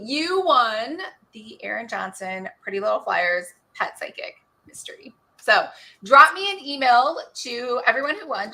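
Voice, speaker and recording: A woman hosting an online book club chat, talking casually and quickly, laughing often. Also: a little high, gravelly, bright, forceful tone.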